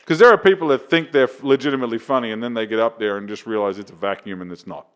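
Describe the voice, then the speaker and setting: A man, a comedian chatting on a podcast and telling lively, profane anecdotes. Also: mid-range voice, very fast, smooth. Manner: animated, profane anecdotes with acted-out quotes. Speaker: comedian and open mic host. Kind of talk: casual podcast storytelling.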